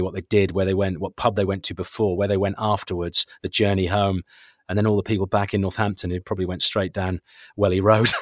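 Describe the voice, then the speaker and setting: A man with a lowish voice tells old stories in a loose, rambling way, often restarting his sentences and chuckling as he remembers. The sound is close and dry, with no room around it. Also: dry recording. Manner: rambling, with self-corrections and chuckles. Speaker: former radio commentator, guest. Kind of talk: reminiscing interview chat.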